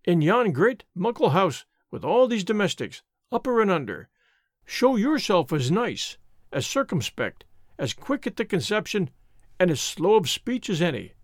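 A man's voice: high voice, big pitch swings, moderate pace, no room sound, studio quality. A man voicing a kindly, earnest old country minister in an audiobook, giving solemn, old-fashioned counsel. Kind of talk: audiobook reading.

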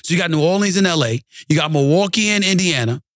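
Man, sports host, heated rant, grumbles then shouts, fairly high-pitched, dry studio. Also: lively intonation, fast talker, dry recording.

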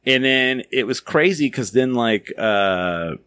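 A man's voice: medium pitch, takes it slowly, clean tone, no room sound. A man hosting a podcast, chatting casually and telling stories animatedly, acting out the voices of people he quotes. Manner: animated storyteller, acts out quotes. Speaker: podcast host. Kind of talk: casual chat.

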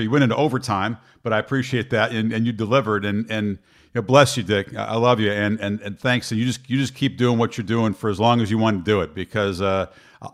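A man's voice: on the low side, fairly bright tone. A man hosting a talk show, speaking earnestly and thankfully, often repeating words as he starts a thought. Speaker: host. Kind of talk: casual chat.

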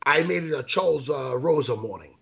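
A man co-hosting a talk show, chatting casually in a rambling, animated way and swearing freely. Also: medium pitch, brisk, creaky, lo-fi sound. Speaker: podcast co-host. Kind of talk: casual chat.

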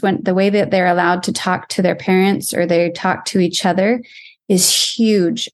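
A woman's voice: on the low side, darkish tone. A mom and program co-founder speaking as an interview guest, stating her views firmly and with emphasis. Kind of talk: casual interview conversation.

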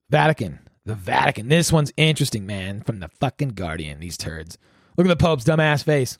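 A man's voice: mid-range voice, big pitch swings, moderate pace, no room sound, studio quality. A man hosting a podcast alone, ranting in a profane, rambling, sarcastic way. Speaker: podcast host. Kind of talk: solo ranting commentary.

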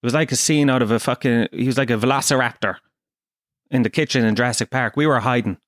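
A man's voice: mid-range voice, fast, a bit bright, no room sound, studio quality. An Irish man from Kerry hosting a podcast, telling a comic story in a profane, self-deprecating way. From Kerry, Ireland. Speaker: podcast host.

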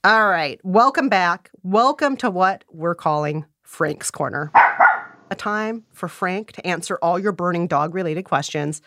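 A woman's voice: on the low side, animated, a little slow. A woman hosting a comedy podcast, leading the segment in a playful, bubbly way. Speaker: podcast host. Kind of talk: casual comedic chat. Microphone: studio microphone.

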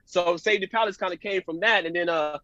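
A high, quick male voice rattles off loose, slangy stories as a podcast guest. The sound is dry and close, with little room in it. The highs are dulled, so the tone comes across a bit muffled. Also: no room sound. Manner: animated storyteller, slangy, says "you know what I'm saying" a lot. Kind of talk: casual podcast chat.

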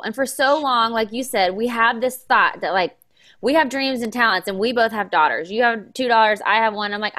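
A woman's voice: on the high side, normal speed, fairly bright tone. A woman interviewing a guest, speaking emphatically and getting emotional about her point. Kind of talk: casual interview conversation.

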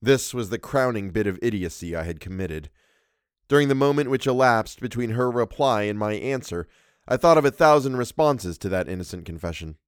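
Man narrating a horror tale for a podcast, measured and expressive, low voice, dry recording. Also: smooth, no room sound. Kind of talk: reading a horror story aloud.

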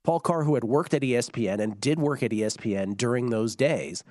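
A man co-hosting a casual sports chat, voice hoarse and giving out, talking in a conversational way and explaining background. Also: mid-range voice, fairly quick, darkish tone, dry recording, clean studio sound. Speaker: podcast co-host.

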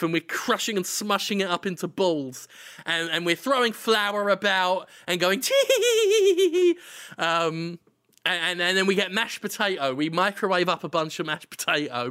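A man's voice: high-pitched, pushed and bright. A man co-hosting a casual comedy chat, spinning absurd bits and acting out silly voices. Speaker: podcast co-host.

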